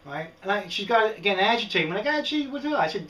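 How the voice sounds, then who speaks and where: A middle-aged man with a New York accent rants casually in a prepping vlog, his high, fast voice sounding distant in an echoey room. Animated and rambling, he keeps tossing in "right?" asides.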